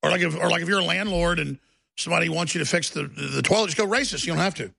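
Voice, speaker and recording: A middle-aged man with a heavily gravelly, husky voice hosts heated political talk radio. His tone is bright and forceful, a little higher than most men, and he mocks opponents with shrieking impressions. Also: racing, no room sound. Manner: mocking, breaks into shrieking impressions.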